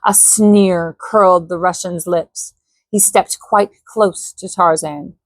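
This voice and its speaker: A woman reading a classic adventure novel aloud as a bedtime story, gentle, with casual asides to her listeners. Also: fairly low pitch, steady tone, a little slow, gravelly, no room sound. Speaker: storybook reader.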